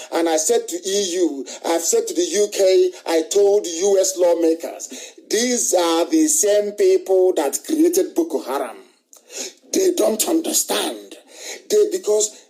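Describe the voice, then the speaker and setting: A man's voice: a little high, mellow, poor audio. Impassioned man broadcasting live. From Nigeria. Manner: emphatic, repetitive rhetorical questions and declarations. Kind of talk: impassioned live radio monologue.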